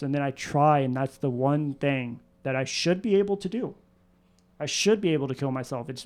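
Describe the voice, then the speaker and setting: A man speaks with a fairly high, smooth and resonant voice. He tells his story in an earnest, confessional way and keeps circling back on the same words. It is candid podcast storytelling. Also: fairly even intonation, moderate pace, a little mellow. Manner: earnest, confessional, repeats phrases.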